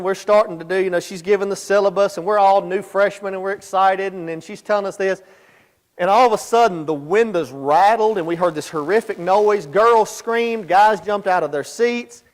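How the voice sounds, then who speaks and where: Male preacher, high voice, lively storytelling with loud-soft swings, long church reverb. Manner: animated storyteller, swinging between loud emphasis and quiet asides. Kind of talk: sermon. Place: church sanctuary. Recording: echoey church hall.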